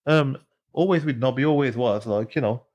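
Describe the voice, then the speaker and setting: A man's voice: medium pitch, normal speed, darkish tone, muffled recording. A man from the Black Country with its accent, a retired boxer chatting as a podcast guest, repeating phrases and saying "you know" often. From Smethwick, Black Country, England. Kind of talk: casual podcast chat.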